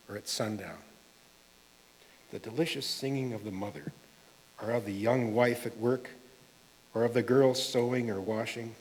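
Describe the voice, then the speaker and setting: A man reciting a poem to a group in a measured, deliberate way. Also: mid-range voice, darkish tone. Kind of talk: reading a poem aloud to a group. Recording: reverberant hall.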